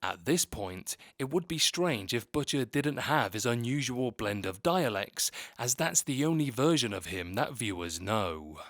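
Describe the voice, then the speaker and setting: A man narrating a scripted video essay in a steady, measured read. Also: medium pitch, no room sound, studio quality.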